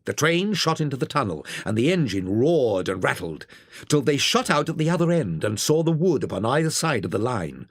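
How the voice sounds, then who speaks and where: An audiobook narrator reading a classic children's story in an expressive, theatrical way. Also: mid-range voice, moderate pace, no room sound, clean studio sound.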